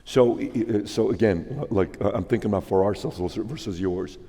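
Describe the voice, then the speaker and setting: A man hosting an interview, asking halting questions that restart several times. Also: fairly low pitch, mellow, breathy edge, in a large hall. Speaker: interview host.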